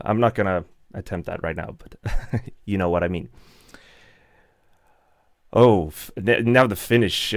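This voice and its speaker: A man's voice: deep voice, no echo, studio quality. A young man, chatting casually and laughing often as he reads out and answers live chat. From Sweden.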